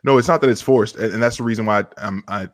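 Deep voiced guy, kinda hesitant, dry mic. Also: quick pace, no room sound. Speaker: podcast co-host. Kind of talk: casual chat.

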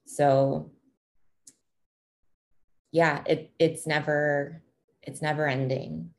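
Woman, thirties, low pitch, unhurried, thoughtful casual talk, pauses with um. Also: level tone. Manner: thoughtful, with frequent ums and restarts. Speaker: parent sharing her experience. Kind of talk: reflective casual conversation.

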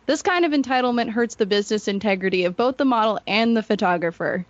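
A woman's voice: on the high side, quick pace, no echo. Woman, cosplayer, firm matter-of-fact reading, very dry close sound, slightly dull audio. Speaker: cosplayer reading her account. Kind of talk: read-aloud personal account.

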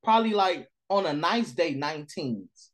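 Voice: mid-range voice, expressive, moderate pace. A podcast co-host in casual chat, blunt and sarcastic, swearing and laughing a lot.

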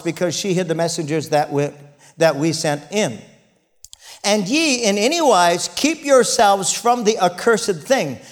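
A man preaching a sermon, retelling scripture and calling out for amens from the congregation. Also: high-pitched. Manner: animated preaching, calls for amens and shouts. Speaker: pastor.

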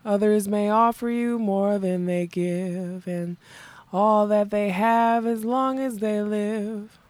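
A woman singing a young prince's slow love song. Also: mid-range voice, steady tone, darkish tone, no room sound, close to an everyday voice. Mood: tender. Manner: slow, sung.

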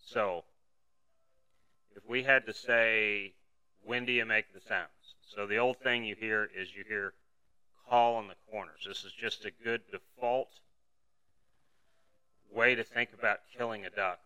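A man's voice: lowish voice, fairly even intonation, normal speed, pushed and bright, clear, resonant tone, poor audio. A man hosting a podcast, teaching in a conversational, explanatory way and talking to a camera. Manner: explanatory, conversational, uses everyday analogies. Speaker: podcast host teaching duck calling. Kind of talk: solo instructional podcast talk.

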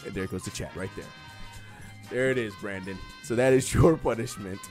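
A man with a lowish voice, speaking at normal speed, hosts a casual live-stream quiz. He's lively, teases his co-host and laughs a lot, with faint music in the background.

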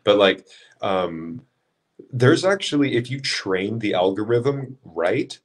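A laid-back man chats on a podcast in a fairly low voice. He talks in easy slang and drops the odd casual swear. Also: lively intonation, takes it slowly. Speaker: podcast co-host.

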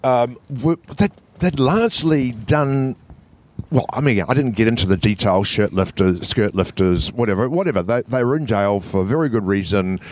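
Animated New Zealand man telling a story. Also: fairly low pitch, normal speed, a little hiss or hum. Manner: animated, acts out quoted voices, frequent restarts. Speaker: guest. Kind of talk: casual storytelling.

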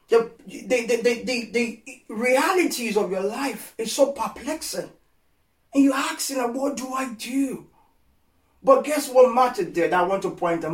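A man preaching a sermon with passion, repeating phrases for emphasis and swinging from hushed, gentle lines to loud, pleading ones. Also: high voice. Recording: echoey sound from a distant mic.

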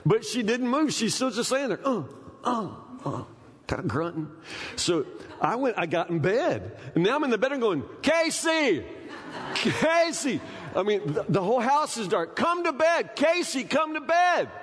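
Preacher guy in his 50s, kinda high voice, folksy sermon stories, big church echo. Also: moderate pace, slightly rough. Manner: folksy storytelling, animated voices in anecdotes. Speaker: pastor.

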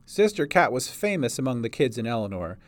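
A man's voice: mid-range voice, sing-song, brisk. A man narrating a storybook reading as its writer and producer.

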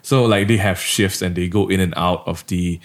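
A man's voice: sits low, fairly even intonation, normal speed. A man hosting a podcast in casual chat, playful and jokey. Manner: playful, jokey, breaks into laughs. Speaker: podcast host.

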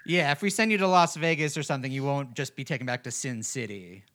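A man interviewing in a comedy bit, playful and quick to laugh. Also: mid-range voice, a bit bright.

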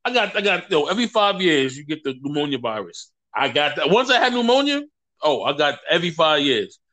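His voice is a little high and a little fast. As a guest on a podcast, this man tells lively stories in casual conversation, performing other people's quotes.

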